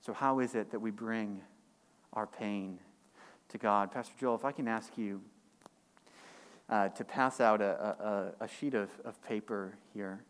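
A man preaching a sermon as pastor, climbing higher and louder on key points and dropping low and quiet in reflective stretches. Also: fairly even intonation, measured pace. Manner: impassioned, rising in pitch and force on key points; drops to a quiet, low delivery for reflective passages.

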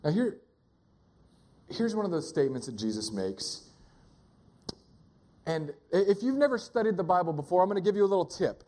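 Guy pastor with a high voice, chatty sermon, cracks jokes, leans on single words. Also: big pitch swings, mellow. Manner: conversational and joking, pauses to stress single words. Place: church gathering.

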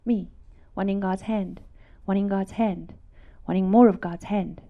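A woman giving an emotional Christian testimony, repeating words for emphasis and often dropping to a hushed whisper. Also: mid-range voice, steady tone, unhurried. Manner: drops to hushed whispers, then rises to emphatic repetition.

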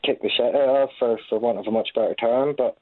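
A Scottish man in his thirties, a guest in a casual interview, talking haltingly with many restarts. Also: mid-range voice, steady tone, no room sound. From Scotland. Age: 30s. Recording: tinny phone-like line.

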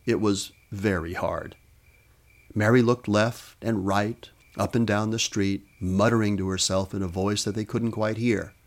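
A man with a fairly low voice reads a short story aloud. His delivery is measured and expressive, like a host narrating his own fiction. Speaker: podcast host and author.

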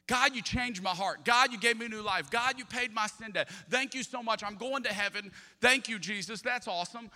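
A middle-aged man preaching a sermon with animated, jokey storytelling and sudden loud peaks. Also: extremely high pitch, moderate pace, few pauses. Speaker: pastor. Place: church auditorium. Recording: long hall reverb.

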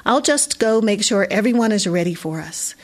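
Cheerful sing-song magical bus driver, high and bright, read by a woman. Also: lively intonation, moderate pace, close to an everyday voice.

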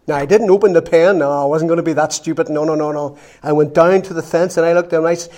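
Man, preacher, sermon storytelling, lively acted quotes, a little high voice. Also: fast talker. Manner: storytelling, animated, acts out quotes.

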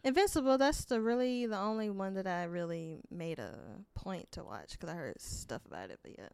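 Woman on a podcast, smooth clear voice, laid back, lots of "like", dry sound. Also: mid-range voice, moderate pace, no echo. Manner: relaxed, hedging with fillers. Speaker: podcast co-host. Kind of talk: casual chat.

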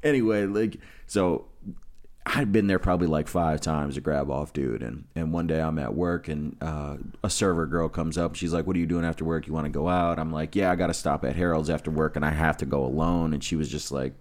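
A man with a very low voice telling a rambling, swear-filled story in casual chat. He acts out what everyone said as he goes, and he talks like a young adult. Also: brisk, darkish tone. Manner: loose, profane storytelling, acting out quotes.

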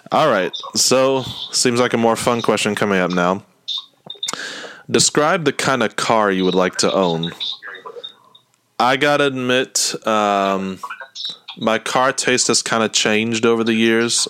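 A man's voice: lowish voice, smooth. A young man talking casually and rambling a bit, laughing now and then as he asks questions. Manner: relaxed, rambling, laughs often. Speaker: host. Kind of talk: casual chat.

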